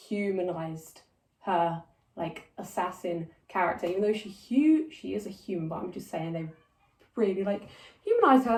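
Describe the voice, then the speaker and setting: A young woman vlogger giving a passionate, heated review, swearing a lot and restarting her sentences, recorded on a poor mic. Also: medium pitch. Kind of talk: ranting casual review. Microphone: poor-quality mic. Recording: echoey room, poor mic.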